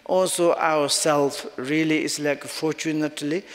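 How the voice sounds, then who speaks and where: A man giving a Buddhist teaching in non-native English, halting and often searching for words. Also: a little high, fairly even intonation. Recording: long hall reverb.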